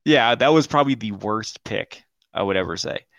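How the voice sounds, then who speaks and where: A man's voice: lowish voice, animated, normal speed, gravelly, a bit bright, highs cut off. A man co-hosting a podcast, telling a story in casual chat, swearing freely, laughing often and acting out the lines of the people in it. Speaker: podcast co-host.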